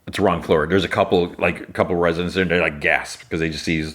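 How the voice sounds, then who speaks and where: A podcast host casually retelling an episode scene by scene, in a loose style full of "like" and restarts. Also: male voice, low voice, fairly even intonation, quick pace, a bit bright.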